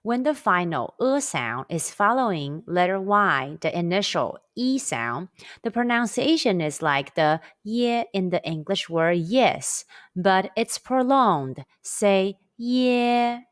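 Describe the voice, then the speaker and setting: A woman narrating a language lesson, drilling sounds slowly and carefully for learners to repeat. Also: on the low side, sing-song. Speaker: language teacher.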